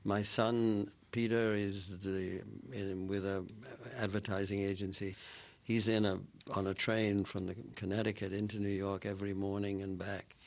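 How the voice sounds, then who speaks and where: A man's voice: lowish voice, flat delivery, moderate pace, darkish tone. An older man, an actor and author from Scotland, answering radio interview questions in a rambling, anecdotal way with frequent restarts.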